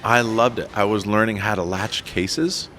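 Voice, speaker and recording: Low-voiced guy on a podcast, telling his story with a lot of energy, pokes fun at himself, acts out the quotes. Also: fairly even intonation, normal speed, a bit bright, slight background noise. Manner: self-deprecating. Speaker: podcast guest. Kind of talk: storytelling interview.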